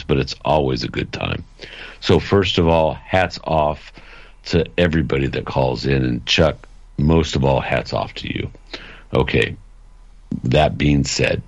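A man's voice: rumbling low, breathy edge. A man, a regular on a call-in podcast, giving rambling upbeat closing thoughts over a dull lo-fi line. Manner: rambling, upbeat sign-off, plugs memberships. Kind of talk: casual call-in podcast chat.

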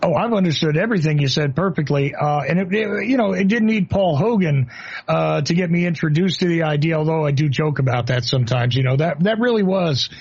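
A man's voice: fairly high pitch, lively intonation, a little fast, darkish tone, breathy edge, muffled recording. A man from New Jersey with a New Jersey accent, hosting an interview in a rambling, casual way full of fillers and restarts. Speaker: host.

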